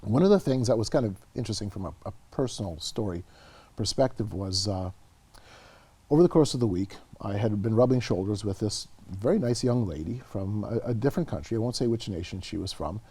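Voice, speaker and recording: A middle-aged Canadian author, appearing as an interview guest, tells stories earnestly and animatedly, often repeating words. His voice is fairly low and slightly breathy, and he speaks fairly quickly.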